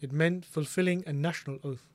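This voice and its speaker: A man reading a sermon translation aloud with steady reverence and frequent honorifics. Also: a little high, fairly quick.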